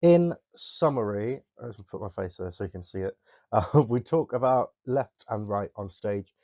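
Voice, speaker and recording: Mellow-voiced drama teacher. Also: male voice, fairly low pitch, lively intonation, measured pace, no room sound. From Somerset, England. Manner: clear, explanatory, demonstrates vocal techniques. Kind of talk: recorded classroom lesson. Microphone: close desk microphone. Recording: dull, lo-fi dry recording.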